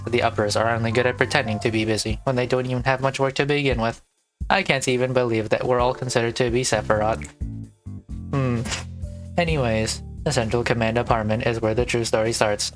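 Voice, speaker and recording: Brief: man doing cold twin officials, flat monotone delivery, mid-range pitch. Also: lightly acted. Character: aloof young twin department heads, blunt. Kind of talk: gaming let's play, reading dialogue.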